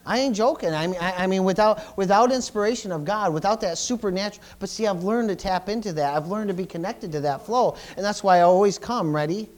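A middle-aged man preaches from the pulpit in a voice pitched a little higher than most men's. He stumbles and repeats words as he goes, swinging from loud bursts to quiet asides. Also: fast talker, few pauses. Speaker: pastor. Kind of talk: sermon.

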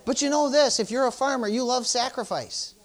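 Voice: high voice, brisk. A pastor, preaching informally, peppering talk with "praise the Lord" and "hallelujah," and urging the congregation emphatically. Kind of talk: sermon.

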